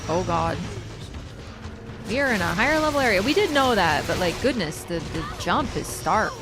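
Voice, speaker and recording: A young woman chatting casually with viewers while livestreaming a game, excitable and reacting out loud. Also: medium pitch, normal speed. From Canada. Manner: excitable, reacts aloud to gameplay and chats with viewers. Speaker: streamer. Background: game music.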